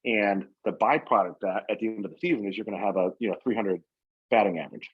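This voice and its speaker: A man with a low, husky voice speaks as a guest on a podcast. He talks in an earnest, rambling way, full of fillers and false starts. The audio sounds muffled and lo-fi. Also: fast. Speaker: painting company owner, guest. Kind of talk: casual podcast interview.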